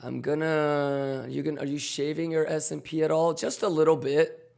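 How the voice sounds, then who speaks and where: Hoarse gravelly man hyping his stream. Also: a little high, flat delivery, moderate pace. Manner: loud, swaggering, profane hype with chants. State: hoarse, voice almost gone. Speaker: trading livestream host. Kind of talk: hyped livestream chat. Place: home.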